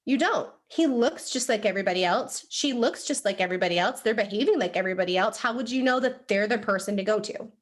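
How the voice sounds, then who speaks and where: A young woman giving a motivational training talk to a live group, animated and chatty, full of "like" and "right?". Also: mid-range voice, fast, few pauses. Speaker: sales team trainer. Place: room with a live audience.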